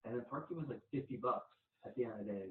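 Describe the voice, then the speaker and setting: A man's voice: mid-range voice, racing, recorded from a distance. A young man hosting a podcast in easygoing, casual talk, often breaking into laughter as he tells stories. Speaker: podcast host. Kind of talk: casual chat. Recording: tinny phone-like sound in an echoey room.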